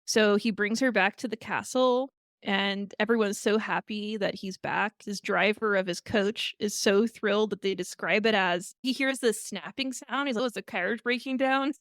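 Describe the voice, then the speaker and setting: A woman co-hosting a podcast, casually retelling a fairy tale with animated storytelling. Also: medium pitch, normal speed, no echo. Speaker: podcast co-host. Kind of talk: casual chat.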